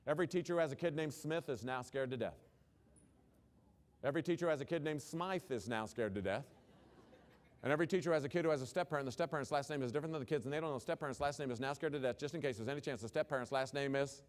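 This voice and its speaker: A man giving a humorous, animated conference keynote and asking the audience questions. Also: medium pitch, very fast. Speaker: keynote speaker.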